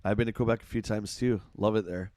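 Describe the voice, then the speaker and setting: A man's voice: fairly low pitch, steady tone, fast, darkish tone, no echo. Middle-aged Canadian male streamer, Ontario accent, chatty, dry close mic. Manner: chatty, reads chat aloud, reacts to gameplay. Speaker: game streamer. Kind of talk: casual live-stream chat.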